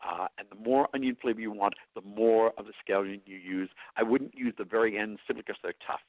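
A man's voice: on the low side, brisk, no room sound. A man with a New York accent, a cookbook author giving blunt, matter-of-fact cooking advice as a guest on a talk show. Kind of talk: casual advice on a phone-in show. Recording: dry tinny phone line.

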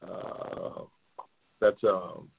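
Man, gravelly voice, excitable and cussing, hosting a show, phone-like sound. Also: deep voice, drawn-out words. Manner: loud, profane and excitable, yelling at times. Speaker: talk show host. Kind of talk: casual livestream chat, reading race matchups.

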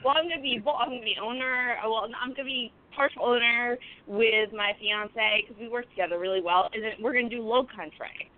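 A woman's voice: fairly high pitch, fairly quick, few pauses, a little hiss or hum. A woman chef chatting loosely on a podcast, swearing and laughing as she tells stories. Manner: loose, profane, laughing storyteller. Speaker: guest chef. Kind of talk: casual podcast chat. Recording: phone-like lo-fi audio.

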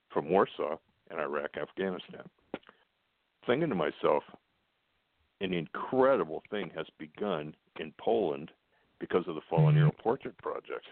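Older american guy, deep gravelly voice, telling a story over a tinny phone line. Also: dry recording. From United States. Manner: plainspoken, with fillers and quoted dialogue. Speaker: guest.

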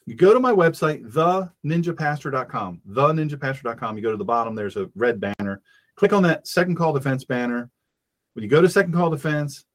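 A man hosting a fiery political talk radio show, preaching in an impassioned way and acting out little scenes. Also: mid-range voice.

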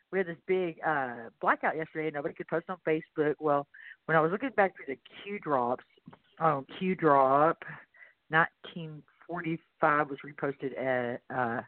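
A man with a Texan accent hosting a radio show, reading posts aloud in a rambling, halting way. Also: fairly high pitch, dry recording. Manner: rambling, halting with many fillers. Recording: tinny phone-like line, dry.

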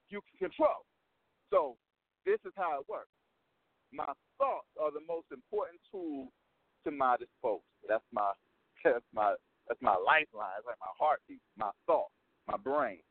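A man's voice: on the high side, creaky, no echo. A man who works as a motivational coach, telling a story in an interview in an emphatic way, repeating his points and checking in with the listener. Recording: dry phone-line sound.

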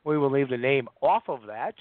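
A man's voice: mid-range voice, expressive, moderate pace, no echo. A middle-aged man hosting a radio show, chatting casually and telling joking stories. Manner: joking, storytelling. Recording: dry, phone-like line.

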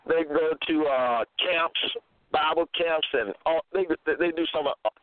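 A man's voice: fairly high pitch, a little slow. A man giving a Bible teaching monologue, asking his listeners question after question and repeating himself. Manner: repetitive, asks listeners rhetorical questions. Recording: dry, phone-like lo-fi audio.

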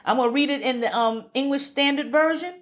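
A woman's voice: sits high, a little fast. A woman preaching a fervent, emphatic sermon and repeating words for emphasis.

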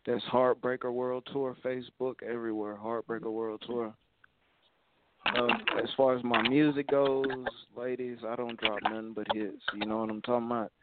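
A man from Alabama with an Alabama twang, a rapper guest talking casually in laid-back slang and giving shout-outs. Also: medium pitch, flat delivery, normal speed, a little hiss or hum. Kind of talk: casual interview over a call. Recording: tinny phone-like call audio, dry.

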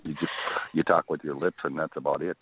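A man's voice: a bass voice, little pitch movement, brisk, husky. A man with a Northern US accent, co-hosting a casual sports talk show, rambling with many fillers and restarts. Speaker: co-host. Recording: tinny phone-like line.

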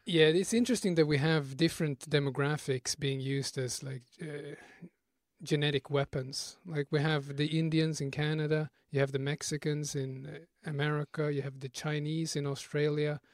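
A man's voice: fairly high pitch, fairly even intonation, normal speed, no echo, studio quality. A man hosting a podcast in casual chat, asking brief questions and adding short remarks. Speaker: podcast host.

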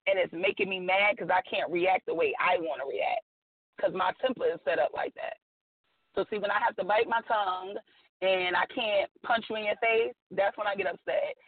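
A woman's voice: mid-range voice, fairly even intonation, moderate pace, no room sound. A woman guest talking on a radio chat show, outspoken, blunt and emphatic, with plenty of slang. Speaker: guest author. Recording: tinny phone line.

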